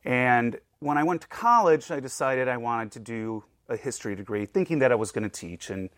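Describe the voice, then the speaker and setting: A man's voice: medium pitch, lively intonation, brisk, fairly bright tone, dry recording, studio quality. An American man answering interview questions about his museum career, easygoing and a little rambling. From United States. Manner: easygoing, rambling, laughs often. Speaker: museum director of collections.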